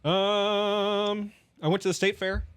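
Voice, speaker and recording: A man's voice: sits high, flat delivery, slow, smooth, dry recording. A man hosting a podcast, teasing his co-hosts and laughing easily in casual chat. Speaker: podcast host.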